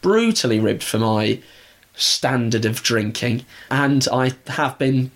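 A man's voice: mid-range voice, animated, slow. A young man co-hosting a podcast in casual, bantering chat, sounding nasal from a cold. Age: young adult. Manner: chatty, laughing, banter. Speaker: podcast co-host.

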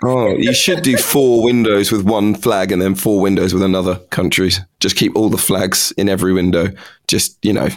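A man hosting a sports podcast, a bit hoarse from losing his voice, chatty and self-mocking. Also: sits low, flat delivery, normal speed. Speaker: podcast host. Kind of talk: casual sports podcast chat.

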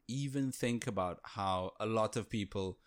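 A man's voice: fairly low pitch, normal speed. A man co-hosting a gaming podcast, chatting casually and enthusiastically, with frequent fillers and restarts. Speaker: podcast co-host. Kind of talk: casual chat.

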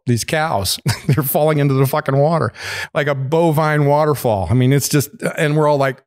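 Casual male raconteur, profane, rambling, chuckles through lines, mid pitch. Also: normal speed, darkish tone. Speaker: podcast guest. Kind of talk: casual storytelling.

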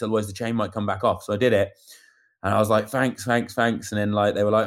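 Fast-talking man telling a story. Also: fairly low pitch. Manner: animated storyteller acting out quotes. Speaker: amateur cyclist recounting a race. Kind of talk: casual chat.

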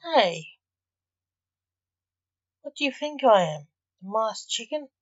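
A woman's voice: fairly high pitch, sing-song, slow pace, no echo, pitched above the performer's own voice, heavily acted. A woman voicing an indignant, middle-aged father in a storybook reading. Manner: indignant, exclaiming. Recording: dull, dry recording.

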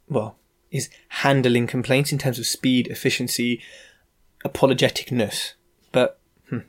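A man hosting a podcast, ranting in an animated, sarcastic and exasperated way. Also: medium pitch. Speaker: podcast host, property investor. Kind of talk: casual ranting monologue.

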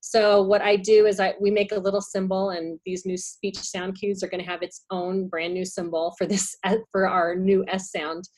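A woman's voice: mid-range voice, level tone, normal speed, hardly any pauses, darkish tone. A woman speech therapist talks through her favorite tip in a casual podcast chat. She sounds enthusiastic, with a mid-range voice, and she fills her explanation with ums and restarts. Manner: enthusiastic, explains with many fillers.

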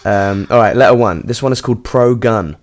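A man's voice: on the low side, fairly quick. A young man hosting a podcast from a hotel, chatting loosely, joking and swearing. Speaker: podcast host. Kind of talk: casual podcast chat.

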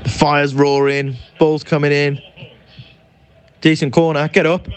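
A man giving lively, animated live match commentary as a fan. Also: on the high side, measured pace, pauses often, clean tone, no room sound. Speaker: podcast co-host. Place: indoors by a fireplace.

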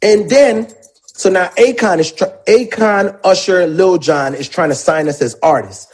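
A man with a somewhat high voice tells a story in a loose, casual interview. He talks like a songwriter looking back, animated and emotional, and drops slang and profanity freely. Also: a little slow.

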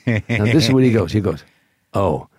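A man's voice: on the low side, animated, normal speed, a little mellow, husky, no room sound, studio quality. An older male comedian telling a show-business anecdote and acting out both sides of the dialogue. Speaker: comedian guest. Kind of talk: storytelling anecdote.

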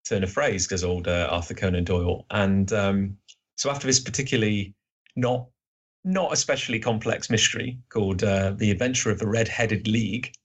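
A British man speaking in a slightly low voice that has gone a little husky. He chats as a podcast guest and keeps hesitating and restarting his sentences. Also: normal speed. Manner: hesitant, many fillers and restarts. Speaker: guest writer. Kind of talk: casual podcast chat.

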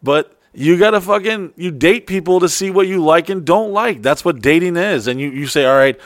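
A man's voice: high voice, animated, normal speed, dry recording, studio quality. A man co-hosting a podcast, telling stories in a loose, profane way and slipping into mock voices. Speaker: podcast co-host. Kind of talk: casual podcast chat.

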